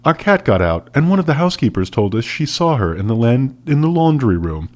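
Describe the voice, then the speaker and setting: A man voicing a calm, polite child twin in a read-aloud. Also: medium pitch, a little fast, voice pushed up, lightly acted. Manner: calm, plain.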